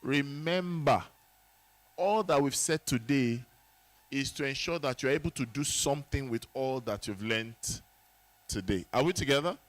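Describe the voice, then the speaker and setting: A man's voice: mid-range voice, moderate pace. A man hosting a summit session, exclaiming and asking the audience questions. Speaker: event host.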